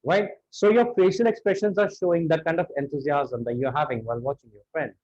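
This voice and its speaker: A man's voice: a little high, fairly even intonation, fairly quick, a little mellow, dull audio. A man with an Indian English accent teaching spoken English, acting out lines of dialogue to show intonation.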